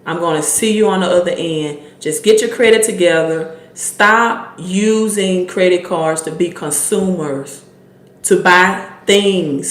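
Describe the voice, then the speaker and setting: A woman's voice: lowish voice, roomy sound. A woman with a Mississippi Southern accent hosting a casual livestream, chatting and coaching her viewers, calling them y'all and repeating herself as she goes. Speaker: livestream host, credit coach.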